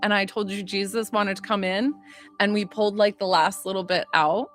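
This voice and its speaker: A woman who works as a psychic medium and healer, chatting excitably on a livestream and greeting her viewers by name. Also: mid-range voice, moderate pace. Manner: gushing, excitable, chatty, reads out viewer names. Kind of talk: excitable casual livestream chat.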